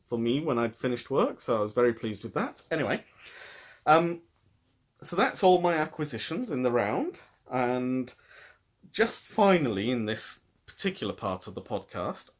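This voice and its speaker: A man's voice: mid-range voice, sing-song, measured pace. A British man hosting a knitting podcast, talking in a thoughtful, rambling way with frequent restarts. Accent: British English. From United Kingdom. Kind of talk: casual chat.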